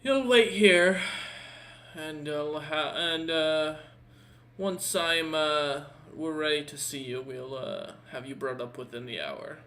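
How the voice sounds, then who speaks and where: A man voicing a cunning, calm male noble who makes slow, menacing threats. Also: on the high side, slight background noise. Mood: smug.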